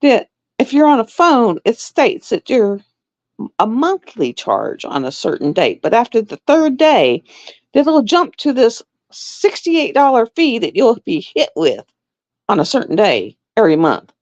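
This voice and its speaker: A woman's voice: on the high side, huge pitch swings, a little slow, a little mellow. A middle-aged woman hosting a livestream, chatting casually and rambling through stories while she sews. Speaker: livestream host. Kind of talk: casual chat while sewing. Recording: dull lo-fi dry sound.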